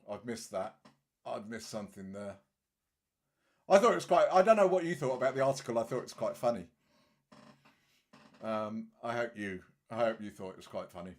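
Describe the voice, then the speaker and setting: A man's voice: medium pitch, lively intonation, fairly quick. Blunt, scornful man hosting a livestream. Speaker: livestream host. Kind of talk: casual livestream commentary.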